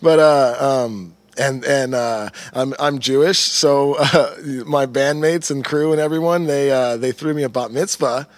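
A man in his thirties, a touring musician, tells stories in a casual, animated and profane way, laughing as he goes. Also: mid-range voice, a little slow, few pauses, no room sound. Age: 30s. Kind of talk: casual storytelling chat.

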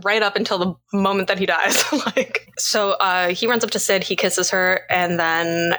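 A woman's voice: mid-range voice, steady tone, moderate pace, bright, forceful tone. A woman from Canada co-hosting a podcast, recapping a movie in a giggly, casual chat from her notes. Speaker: podcast co-host.

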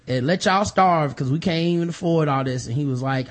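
High-voiced man retelling a TV episode. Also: fairly quick, hardly any pauses. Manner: animated storyteller, acts out characters in slang. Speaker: podcast host. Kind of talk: casual chat, recapping a TV episode.

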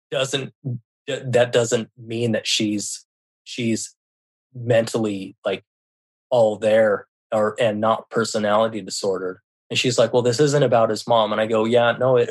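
A man from Seattle telling a personal story as a podcast guest, retelling conversations with frequent restarts and occasional swearing. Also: on the low side. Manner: emotional retelling with frequent restarts, quotes himself and others; swears when upset. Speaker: podcast guest, left-behind parent.

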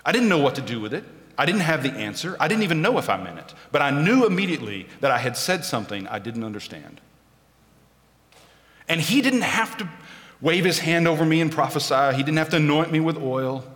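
Male preacher, expressive delivery, wry storyteller, hall reverb. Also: on the high side. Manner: storytelling with self-deprecating humor. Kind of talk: sermon.

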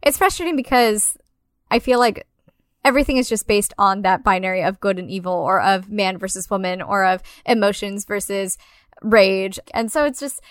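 A woman in casual conversation about a film, animated and profane, acting out characters' lines as she retells scenes. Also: mid-range voice, moderate pace, dry recording, clean studio sound. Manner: animated, acts out quotes, profane.

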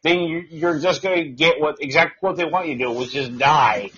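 A man's voice: on the high side, a little fast, a bit bright, slight background noise. A man co-hosting an online talk radio show, blunt and grim in his commentary. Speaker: co-host. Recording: dull lo-fi audio.

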